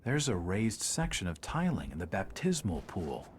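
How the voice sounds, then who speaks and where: A low grim detective voice, lively inflection, faint noise. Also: male voice, moderate pace. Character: grim male ex-cop investigator, the player character.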